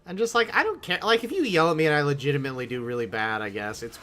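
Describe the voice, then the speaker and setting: A man's voice: mid-range voice, fast talker, slight background noise. A man streaming a game, telling rambling stories and quoting others in a raised voice, swearing freely. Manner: rambling, animated storytelling with mimicked quotes. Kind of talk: casual gaming stream chat.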